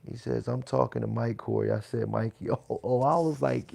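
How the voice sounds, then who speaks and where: A man hosting a boxing livestream, reading chat comments aloud in a loose, swearing, casual way that turns loud when he gets riled. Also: medium pitch, expressive, normal speed, creaky, hardly any pauses, breathy edge. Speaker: boxing channel host reading live chat.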